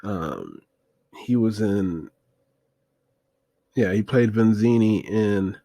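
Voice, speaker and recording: A man's voice: on the low side, extremely slow, dark tone, dry recording. A man casually recapping an old film, rambling with many fillers and wry asides. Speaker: movie review host.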